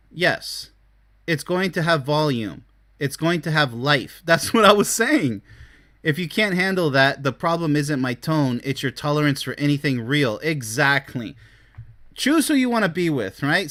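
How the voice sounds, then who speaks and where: A man hosting a relationship advice show, talking with excitable, blunt energy in a bright, lively voice and swinging between loud bursts and mocking mumbles. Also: fairly high pitch. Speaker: relationship expert and show host. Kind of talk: animated solo commentary.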